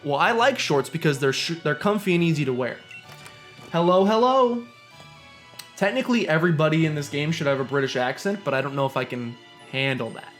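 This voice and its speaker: A man's voice: on the high side, fast talker, few pauses, fairly bright tone. A young man streaming a video game, joking and ranting as he plays and sometimes reading the game's lines aloud. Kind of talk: casual gameplay commentary. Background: game music.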